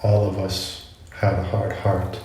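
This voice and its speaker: A man's voice: sits low, completely flat delivery, slow pace. A young man telling a personal story in a casual vlog, rambling, correcting himself and reflecting as he goes. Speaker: vlogger. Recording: very echoey room, faint noise.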